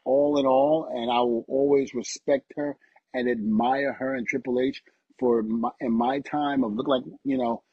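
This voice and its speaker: Middle-aged man, podcast guest, husky and warm, animated storyteller, dry dull recording. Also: mid-range voice, moderate pace, no echo. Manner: animated storytelling, acts out quotes. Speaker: podcast guest, retired wrestler. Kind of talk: casual interview chat.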